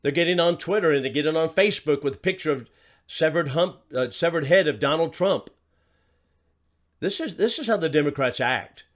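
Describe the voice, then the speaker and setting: A man with a fairly high voice delivers a political commentary monologue as its host. He hammers his points with rhetorical questions and repeated phrases. His delivery is emphatic throughout. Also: lively intonation, a little fast.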